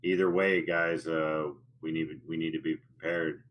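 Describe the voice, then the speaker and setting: A man's voice: a bass voice, flat delivery, unhurried, highs cut off. A man playing a tabletop game, bluntly and casually talking through the group's options. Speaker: player.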